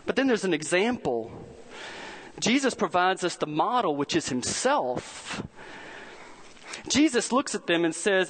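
A man preaching a sermon as a pastor, telling stories earnestly and slowing down to stress key words. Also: high-pitched, sing-song, a bit bright, poor audio. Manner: earnest storytelling with slowed emphasis.

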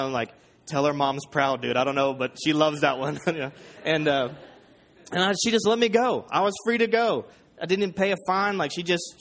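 A man preaching, telling a funny personal story with animated quoted voices. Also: medium pitch. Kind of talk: storytelling sermon.

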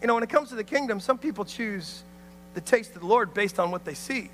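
A man preaching a sermon, an animated storyteller who acts out voices and calls out to the crowd. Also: high voice, a little fast, long reverb tail, slight background noise. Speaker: pastor.

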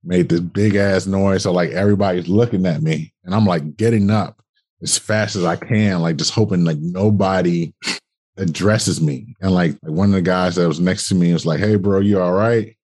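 Brief: young male podcast guest, low husky voice, casual profane storyteller. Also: normal speed. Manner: animated, colloquial, swearing, acts out dialogue.

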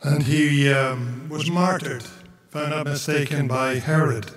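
A male priest giving a homily in a slow, measured way, sometimes chanting the gospel reading. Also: on the high side, fairly bright tone. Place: church. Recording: echoey church from far off.

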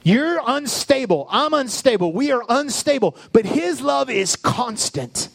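A male pastor preaching a sermon with passion, building up and then dropping into soft, low asides. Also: lively intonation, a little slow, creaky, dry recording. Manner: impassioned preaching with sudden soft, low drops.

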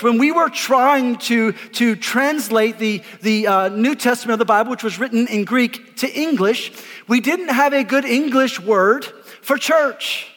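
A man, a pastor preaching an energetic sermon, emphatic and repeating words as he calls on the congregation to answer. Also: extremely high pitch, a little slow. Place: church auditorium before a congregation. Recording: live in a reverberant hall.

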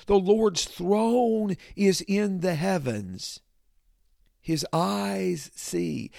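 A man preaching a sermon, expounding scripture slowly and deliberately, with emphatic repetition. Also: sits high, vocal fry, warm tone, no echo, clean studio sound.

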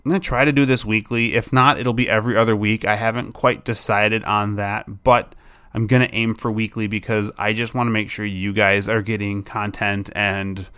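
A young adult man who hosts a podcast and trains dogs, talking casually and rambling a bit, sometimes acting out an excited dog. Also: lowish voice, normal speed, smooth. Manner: rambling, relaxed, acts out excited dog voices. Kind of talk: casual solo podcast talk.

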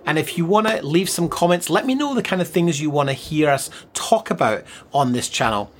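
A man's voice: on the high side, expressive, fairly quick. A man hosting a podcast, closing the show with an upbeat sign-off to viewers. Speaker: podcast host.

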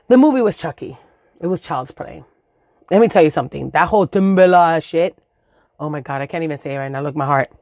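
A woman in her forties from the Dominican Republic tells a comic story in a lowish, animated voice. She swears, drops in Spanish words and acts out sound effects. The recording is close and dry, with no room sound. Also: a little fast, no echo.

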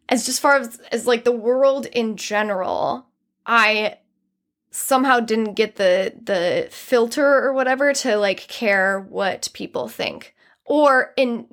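A young woman hosts her podcast solo, talking in an earnest, chatty way that is full of fillers. Her voice sits a little high for a woman. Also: lively intonation, measured pace, a bit bright. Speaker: podcast host. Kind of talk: casual solo monologue.

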